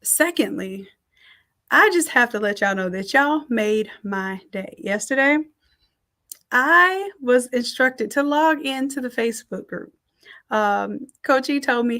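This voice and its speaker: A middle-aged woman teaching a design class on a live stream, reading out the chat and warmly thanking people by name. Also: a little high, animated, slow pace. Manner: warm, effusive thanks and shout-outs.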